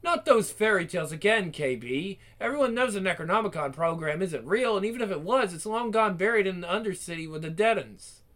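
A man's voice: high-pitched, animated, brisk, few pauses, fairly bright tone. A man voicing a pompous, condescending older male scientist in a one-man game fan dub.

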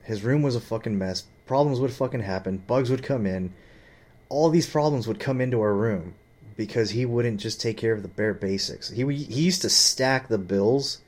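A man's voice: medium pitch, normal speed, darkish tone. A man telling a rambling, profane story about his father and his boss, full of fillers and agitation. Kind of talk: rambling personal rant.

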